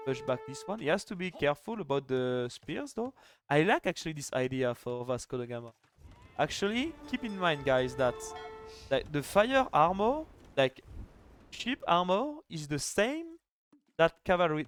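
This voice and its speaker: Chatty joking male game caster. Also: fairly high pitch. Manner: chatty, joking, many "like" fillers. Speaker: esports caster. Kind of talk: live game commentary.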